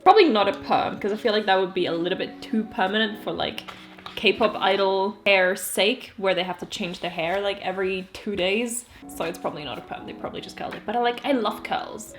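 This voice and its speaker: A woman's voice: medium pitch, a little fast, faint music behind. A woman in her twenties, chatty and giggly, talking casually through a collection with joking asides. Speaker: vlogger. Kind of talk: casual album walkthrough.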